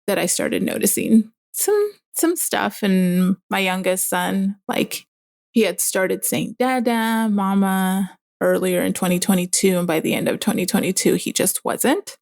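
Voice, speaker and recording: A woman's voice: medium pitch, a little slow, vocal fry, darkish tone, no echo, clean studio sound. A young woman, a mother, speaking candidly in casual conversation with many fillers. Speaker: guest.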